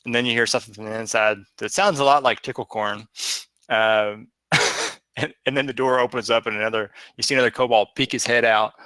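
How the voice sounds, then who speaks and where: A man's voice: medium pitch, steady tone, fairly quick, sharp tone, clear, resonant tone, no echo. A man narrating as game master in a tabletop game, describing the scene while pointing around a map.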